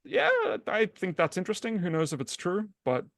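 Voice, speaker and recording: Gravelly man with a dry close sound. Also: high voice, animated, a little fast, fairly bright tone, no echo. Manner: easygoing, musing. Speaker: podcast co-host and writer. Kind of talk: casual chat.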